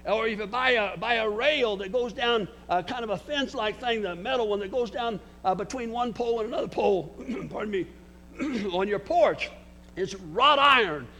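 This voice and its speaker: A man's voice: high voice, normal speed, pushed and bright, slight background noise. An older man preaching a sermon, emphatic, with frequent restarts and words spelled out for emphasis.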